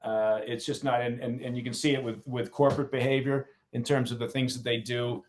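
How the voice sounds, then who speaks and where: A man's voice: medium pitch, level tone, brisk, slight background noise. A man as a podcast guest, speaking with dry sardonic humor and many fillers. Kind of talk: conversational interview.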